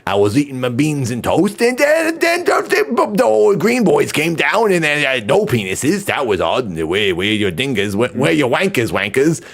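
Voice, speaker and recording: A man putting on a rowdy shouting British villager. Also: a little high, sing-song, normal speed. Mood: excited. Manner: shouting, exaggerated put-on accent.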